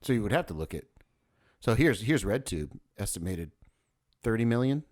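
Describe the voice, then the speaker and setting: A man's voice: lowish voice, very animated, moderate pace, a little mellow. A man co-hosting a podcast in casual, joking chat. He swears and stumbles over his words. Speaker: podcast co-host.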